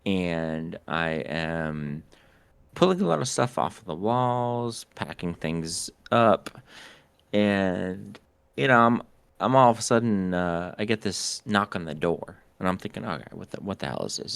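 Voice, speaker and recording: A man from the northern United States, a podcast co-host, telling a story in a casual, animated and profane way. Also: sits low, a little slow, vocal fry, smooth, no room sound.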